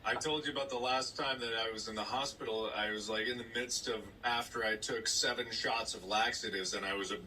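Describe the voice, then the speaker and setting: A man co-hosting a podcast, telling a story in casual chat and acting out other people in high voices. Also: fairly quick, hardly any pauses, recorded from a distance, slight background noise, rough recording. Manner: animated storyteller, acts out voices in high squeaks. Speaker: podcast co-host.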